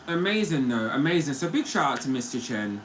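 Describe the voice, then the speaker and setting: A livestream host with a mid-range, sing-song voice talks briskly as he chats playfully with viewers and reads their comments in a casual stream. He's chatty and laughs often. The recording is low quality, with slight background noise.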